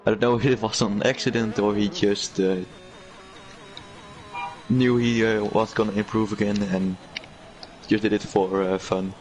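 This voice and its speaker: A man co-commentating a racing league in a low, relaxed voice. He talks hesitantly and fills his pauses with "uh" between remarks. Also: soft background music. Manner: hesitant, many filler pauses. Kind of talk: live sim racing commentary.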